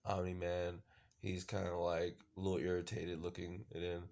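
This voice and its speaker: A man's voice: sits low, completely flat delivery, moderate pace, a little mellow. A man casually recapping a show episode, rambling with lots of fillers and the odd swear word. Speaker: show reviewer.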